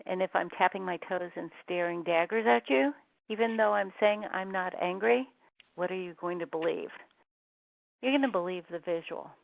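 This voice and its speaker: A woman's voice: mid-range voice, vocal fry, no echo. A woman giving a webinar presentation in a conversational way, with many ums and restarts. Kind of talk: presentation on communication styles. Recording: tinny phone-line audio.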